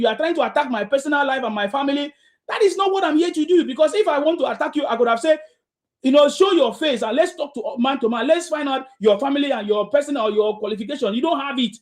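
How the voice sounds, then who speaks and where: A man hosting a heated live talk room, lecturing listeners in a repetitive, confrontational way. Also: extremely high pitch.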